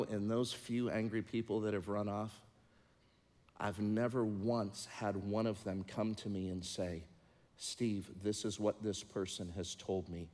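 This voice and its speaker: A middle-aged man preaching as a pastor, moving between loud, emphatic passages and quieter, confiding talk. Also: fairly low pitch. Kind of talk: sermon. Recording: long reverb of a large hall.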